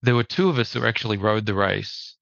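A man's voice: fairly low pitch, creaky, fairly bright tone, no room sound. Reflective Australian man, slightly dull audio. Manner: reflective, measured, with restarts. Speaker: podcast guest. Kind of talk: conversational storytelling.

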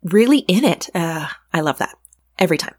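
A woman's voice: on the low side, expressive, fairly quick, a little mellow, husky, no echo, studio quality. A woman on a tabletop game podcast, talking in a thoughtful, musing way. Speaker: podcast guest. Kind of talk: casual reflective chat.

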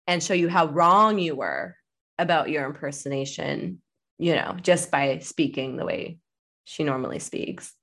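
A woman's voice: sits low, expressive, unhurried, creaky, fairly bright tone. A young woman co-hosting a podcast, chatty and teasing in casual talk. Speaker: podcast co-host.

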